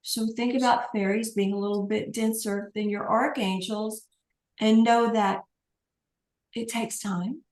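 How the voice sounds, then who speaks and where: A woman's voice: medium pitch, little pitch movement, moderate pace, a little mellow, roomy sound, rough recording. A woman guest on an interview, an angel communicator, telling stories in a chatty way with light laughs. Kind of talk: casual interview talk.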